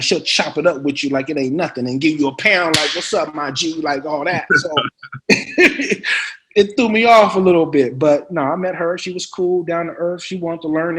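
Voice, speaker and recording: A man, an actor guest, telling anecdotes in a casual interview, slangy and quick to laugh. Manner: mimics others with sharp pitch jumps.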